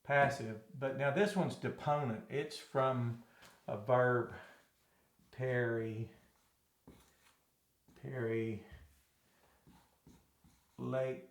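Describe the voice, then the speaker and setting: A man's voice: mid-range voice, steady tone, unhurried. Man from Arkansas, classroom Greek teacher, rambling and self-correcting, echoey room. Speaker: Bible teacher.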